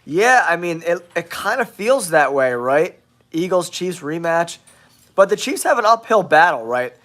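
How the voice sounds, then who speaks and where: A man hosting a football talk show, sounding nasal from a cold, giving blunt, excitable hot takes to his viewers. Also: a little high, unhurried. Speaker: sports show host.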